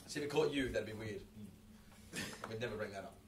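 An Australian comedian in his thirties doing a stand-up set on a club stage, loud, swearing and teasing the audience. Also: on the low side, brisk. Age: 30s. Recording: echoey far-off mic with loud crowd noise. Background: loud crowd and noise.

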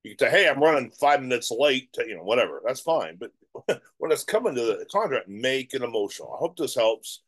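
A middle-aged man giving real estate advice straight to camera, animated and emphatic, often repeating his words. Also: mid-range voice, brisk, husky. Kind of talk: direct-to-camera advice talk.

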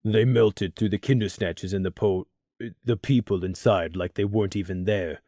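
A man's voice: lowish voice, steady tone, moderate pace, warm tone, dry recording, studio quality, close to an everyday voice. A man playing Crimson, a shaken, remorseful young man who speaks in a subdued voice in an audio drama. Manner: subdued, speaks through clenched teeth.

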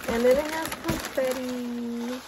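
Giggly woman gushing over gifts, slow and bright. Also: high-pitched, steady tone, very noisy. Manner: gushing, giggly, talks to viewers. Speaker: vlogger opening happy mail. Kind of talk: casual unboxing chat.

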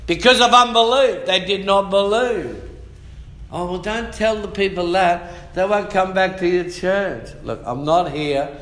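A middle-aged pastor preaches with fire, his voice sitting a little high and slow in its pace. The tone is bright and forceful. The sound rings around an echoey church hall. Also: slight background noise. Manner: fiery, shouting and humming out rhythms. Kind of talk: sermon.

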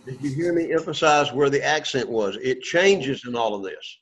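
In a dull, lo-fi classroom recording, a male Greek teacher runs call-and-response drills, patiently getting students to echo his words. His mid-range voice is fairly bright, moderately paced, with few pauses.

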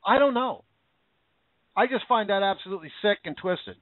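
A man's voice: high voice, lively intonation, moderate pace, no echo. An American man giving an indignant, repetitive political opinion rant. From United States. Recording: dry, phone-like narrow audio.

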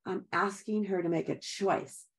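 A woman's voice: medium pitch, fairly even intonation, measured pace. Chatty, encouraging woman sales trainer. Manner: chatty and encouraging, addresses listeners as guys, laughs often. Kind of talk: upbeat sales training talk.

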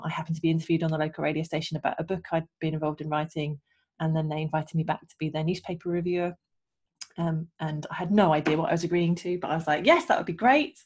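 A woman guest on a video call, telling her career story in an animated way with frequent laughs. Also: deep voice. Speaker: guest, radio producer and engineer. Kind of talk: casual interview chat.

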